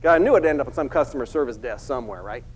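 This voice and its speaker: A man's voice: medium pitch, rapid-fire, slightly rough, rough recording. A middle-aged man giving a keynote talk, telling a personal story and acting out the people in it. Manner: animated, acts out the people in his story. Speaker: keynote speaker.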